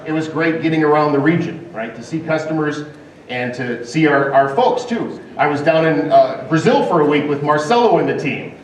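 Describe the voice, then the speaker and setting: A man's voice: a little high, moderate pace, background noise. A man appearing as a guest on a live stage show, bantering playfully with comic setups and punchlines. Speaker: guest executive. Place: large event hall with audience. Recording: echoey hall from far off, crowd behind.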